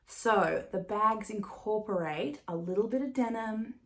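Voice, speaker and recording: A woman talks through her knitting podcast in a loose, rambling way, laughing often and dropping the odd swear word. Her voice sits at an ordinary middle pitch for a woman. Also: lively intonation, unhurried. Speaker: podcast host. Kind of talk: casual chat.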